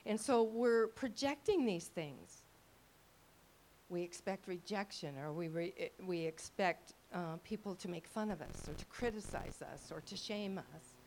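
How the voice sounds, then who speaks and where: An older woman teaching a live audience in a chatty way, acting out quoted thoughts in lively voices and often checking that listeners follow. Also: mid-range voice, a little slow, slight background noise. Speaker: ministry teacher.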